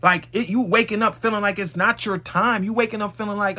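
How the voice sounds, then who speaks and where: A man's voice: high-pitched, fairly even intonation, brisk, few pauses, sharp tone. A man hosting a live stream, giving a blunt, emphatic motivational talk straight to his viewers, with some profanity. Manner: addresses viewers directly.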